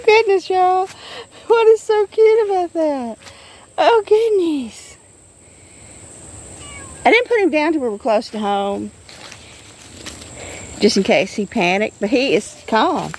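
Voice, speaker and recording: A woman vlogging on a walk in the woods, cooing at her kitten and getting excited about what she finds. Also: high-pitched, a little hiss or hum. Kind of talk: casual nature vlog. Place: outdoors in the woods.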